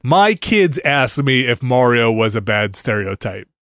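A man co-hosting a casual podcast, talking with a lively voice that rises and falls a lot. He laughs easily and lets some sentences fade into mumbles. The sound is close and dry, with no room around it. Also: mid-range voice, unhurried, dry recording. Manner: animated, laughs often, trails off into mumbles. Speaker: podcast host. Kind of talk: casual chat.

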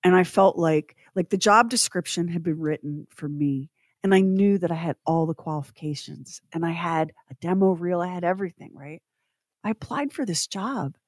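A woman's voice: fairly low pitch, normal speed, no echo, clean studio sound. A middle-aged woman, a podcast co-host and former TV writer producer, talking earnestly and emphatically in casual chat. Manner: earnest and emphatic, talks through her feelings.

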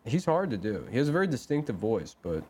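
A man's voice: mid-range voice, very animated, quick pace, darkish tone, husky. A man co-hosting a comedy podcast, talking in casual banter with a dry, teasing manner. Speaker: podcast co-host.

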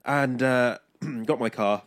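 A man's voice: mid-range voice, slow pace, fairly bright tone, no echo, studio quality. A twenty-five-year-old man, co-hosting a podcast and telling a story with lots of swearing and acted-out quotes. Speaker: podcast co-host. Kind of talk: casual podcast chat.

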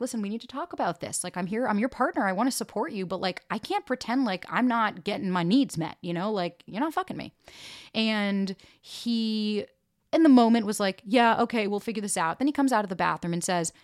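A young woman, a dating coach who hosts a podcast, recounts a breakup without holding back, cursing freely and animatedly acting out what others said in raised voices. Her storytelling is casual and candid. She has a mid-range voice, captured in a dry, studio-quality recording.

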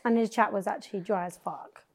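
A woman's voice: mid-range voice, steady tone, brisk, a little mellow. A young woman from England with a British accent, telling casual stories as a podcast host, swearing freely. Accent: British English. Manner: chatty, swearing, storytelling with a teasing bluff. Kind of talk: casual chat.

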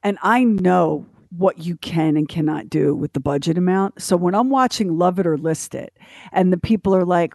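A middle-aged woman co-hosting a radio talk show, telling animated stories and mimicking the people in them. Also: lowish voice, normal speed, gravelly, no room sound, clean studio sound. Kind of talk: casual morning show banter.

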